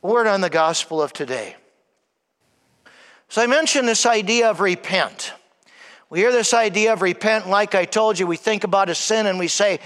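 A man preaching a sermon, emphatic, often calling out to "everyone", sometimes dropping to a soft hush. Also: high-pitched, moderate pace. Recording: long hall reverb.

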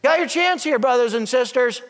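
A man's voice: extremely high pitch, animated, moderate pace. A male priest giving a sermon in a church, emphatic and asking the congregation rhetorical questions. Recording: long church reverb.

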